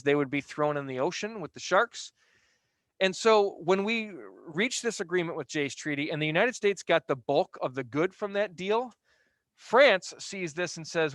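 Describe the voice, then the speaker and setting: Man, teacher, history lecture, conversational, slightly high voice, dry close sound. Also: a bit bright, no room sound. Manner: conversational, explains with everyday examples.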